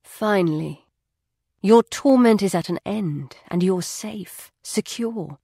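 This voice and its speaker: A woman voicing a calm, loyal male confidant who speaks in a soft, measured, reassuring way in an audiobook. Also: mid-range voice, gravelly, slightly rough, no echo, studio quality, heavily acted.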